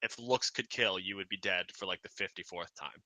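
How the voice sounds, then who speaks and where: Bright-voiced man running a tabletop game. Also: low voice, brisk, dry recording. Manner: animated, vivid storytelling with many fillers and restarts. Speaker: game master.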